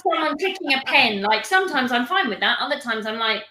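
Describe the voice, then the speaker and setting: Woman co-host, casual and self-mocking, bright voice in an echoey room. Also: high voice, lively intonation, fairly quick. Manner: chatty, laughs often, self-mocking. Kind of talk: casual chat.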